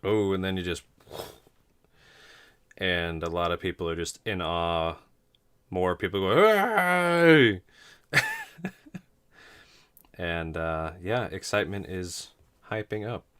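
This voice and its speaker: A man with a deep, low voice runs a tabletop game, describing the scene for his players. He rambles along casually, often laughing and stumbling over tricky words. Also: steady tone, measured pace, pauses often, a bit bright, clean tone. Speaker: game master.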